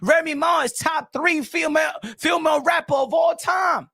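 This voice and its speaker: A man hosting a boxing commentary channel, preaching loudly and repeating his points straight at the person he is talking about. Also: very high voice, moderate pace, creaky, no echo, clean studio sound. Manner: loud, preachy, repeats himself, addresses the subject directly. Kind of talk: emphatic boxing commentary vlog.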